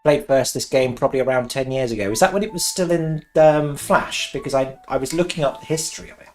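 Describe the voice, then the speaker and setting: Male streamer, West Country origin; chatty, excitable gamer voice at an ordinary pitch over soft background music. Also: fast talker. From West Country, England. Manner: excitable, laughs often, swears. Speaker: game streamer. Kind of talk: casual live-stream chat while gaming. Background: faint cheerful game music.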